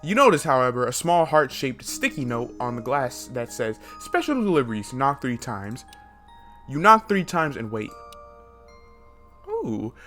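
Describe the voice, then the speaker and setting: Excitable male gamer reading aloud. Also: medium pitch, measured pace, soft background music. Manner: excitable, laughing asides. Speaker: gaming YouTuber. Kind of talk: reading a dating game aloud with commentary.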